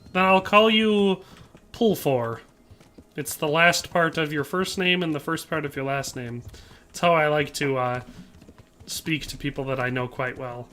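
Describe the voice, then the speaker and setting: A man with a bright, forceful, slightly high voice chats his way through a game livestream. He reads out viewer comments and answers each one, slipping in playful jokes as he goes. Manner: playful, joking asides. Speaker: game streamer. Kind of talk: casual livestream commentary while playing.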